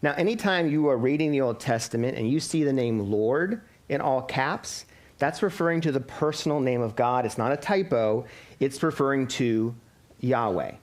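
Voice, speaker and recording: A man's voice: medium pitch, moderate pace. A man in his thirties preaching a sermon as a pastor, explaining scripture and posing rhetorical questions to his congregation.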